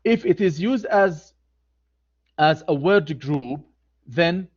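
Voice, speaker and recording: Man, grammar teacher, online lecture, repeats himself, slow, slightly high voice, dull computer-mic sound. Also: animated, darkish tone. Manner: slow, deliberate, repeats key phrases.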